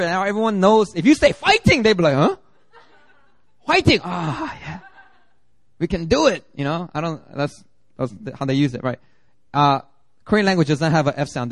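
Animated man preaching a sermon. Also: on the high side, no room sound. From Philadelphia area. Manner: animated, jokey storytelling with mimicked voices. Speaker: pastor.

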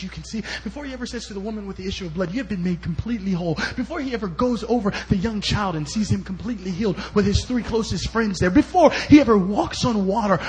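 As a guest speaker at a church service, a high-pitched man delivers a sermon full of stories, alternating between loud bursts and quiet asides.

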